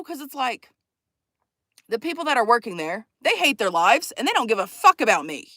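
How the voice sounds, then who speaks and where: A woman telling a profane, animated story to her vlog audience, acting out the people in it. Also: a little high, normal speed, dry recording. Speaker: vlogger. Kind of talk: casual storytime chat.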